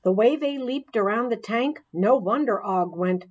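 A woman's voice: a little high, unhurried, few pauses. Woman reading a kids chapter book, lots of ups and downs, takes her time. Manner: expressive, playful storytelling. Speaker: audiobook reader. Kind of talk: children's chapter book read-aloud.

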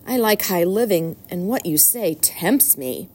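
A woman's voice: lowish voice, lively intonation, measured pace, darkish tone. A woman voicing a greedy, grumbling barn rat in a storybook reading. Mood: eager. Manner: grumbling, then eager.

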